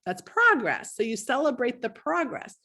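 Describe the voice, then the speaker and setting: Animated woman coaching parents. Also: moderate pace, breathy edge. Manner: animated, swings up high when modelling praise to a child. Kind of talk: live-stream talk reading comments.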